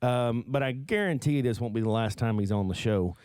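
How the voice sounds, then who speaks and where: A man's voice: mid-range voice, brisk, a little mellow, clear, resonant tone, no room sound, studio quality. A man co-hosting a podcast, friendly and joking as he signs off the show. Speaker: podcast co-host. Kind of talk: casual podcast chat.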